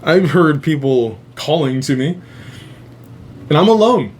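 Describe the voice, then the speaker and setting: A man hosts a casual live stream, rambling along with lots of swearing and frequent laughter while a faint hum sits behind him. His voice is on the high side and animated, delivered at a measured pace.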